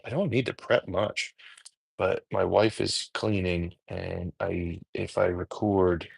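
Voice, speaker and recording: Casual New Jersey man, low gravelly voice, self-deprecating rambler, dry close mic. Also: dry recording. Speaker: home cook content creator. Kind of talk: casual chat while cooking prep.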